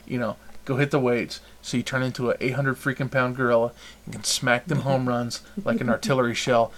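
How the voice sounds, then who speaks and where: A man's voice: mid-range voice, little pitch movement, a little fast. A man hosting a podcast, chatting casually and rambling through opinions with frequent restarts. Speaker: podcast host. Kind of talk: casual chat.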